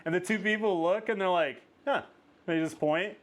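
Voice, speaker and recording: A man hosting a casual interview, telling a travel story with lots of "like" fillers and rising excitement. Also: sits high, fairly quick. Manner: animated storyteller, many "like" fillers. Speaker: podcast host.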